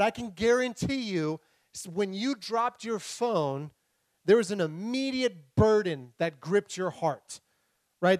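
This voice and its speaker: A young man preaching a sermon, retelling scripture with lively humor, playful voices and sound effects. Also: sits high, dry recording. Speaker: pastor.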